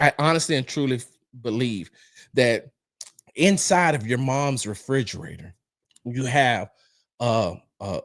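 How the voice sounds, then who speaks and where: A man hosting a casual sports livestream, ranting at a troll in the chat. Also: mid-range voice. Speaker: livestream host. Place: home streaming setup.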